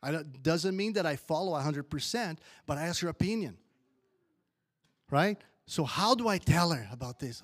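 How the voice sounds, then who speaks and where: Man, somewhat high voice, informal church talk, exhorting, rambling. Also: animated, moderate pace. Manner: warm-hearted, exhortative, rambling. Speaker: church speaker leading a wives' appreciation.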